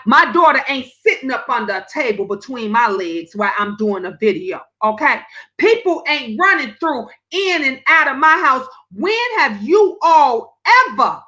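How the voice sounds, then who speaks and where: Woman host of a live talk stream, high-pitched and bright, blunt and emphatic. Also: normal speed, low-quality recording. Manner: blunt, emphatic, profane, animated storytelling.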